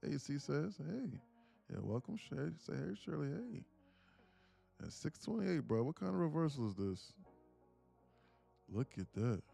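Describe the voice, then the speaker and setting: A man's voice: medium pitch, big pitch swings, normal speed, gravelly, dark tone, faint music behind. A man, a live-stream day trader, chatting casually and profanely, joking and reading viewers' comments aloud. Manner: joking, profane, slangy, reads chat aloud.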